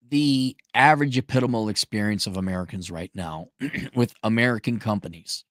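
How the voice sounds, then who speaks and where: A man's voice: fairly low pitch, brisk, a bit bright, dry recording, studio quality. A man ranting sarcastically and with exasperation as he reads out and mocks a viewer's letter in a commentary video. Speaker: commentary vlogger.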